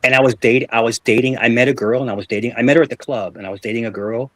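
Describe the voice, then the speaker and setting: A man's voice: mid-range voice, steady tone, rapid-fire, dry recording. A man, hosting a live panel chat and rambling through stories with lots of fillers and restarts. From New York. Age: 40s. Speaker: show host.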